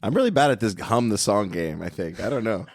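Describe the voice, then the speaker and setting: A man with a lowish voice co-hosts a podcast in loose, casual chat. He drifts into fillers and restarts as he talks. The sound is dry and close, with no room around it. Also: expressive, a little fast, no echo. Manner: laid-back, trails off with fillers. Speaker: podcast co-host. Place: studio in a glass-walled room at a trade show.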